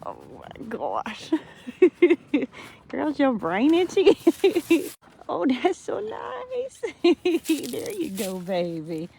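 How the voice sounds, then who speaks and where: Woman, affectionate cooing baby talk, high swooping voice, unhurried, outdoors on a farm, handheld phone. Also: sing-song, vocal fry, warm tone, a little hiss or hum. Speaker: farmer. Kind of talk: casual talk to animals. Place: outdoors on a farm among cows.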